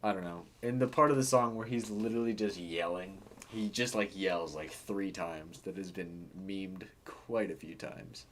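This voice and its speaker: A man's voice: sits low, moderate pace, few pauses, a little hiss or hum. A man giving a casual, hesitant and rambling review of a song, laughing between thoughts. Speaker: album reviewer.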